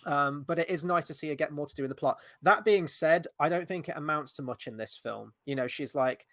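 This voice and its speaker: A man speaking as a guest on a casual film podcast, pausing often with fillers and growing animated as he makes his point. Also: on the high side, no room sound, studio quality. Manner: hesitant with fillers, grows animated.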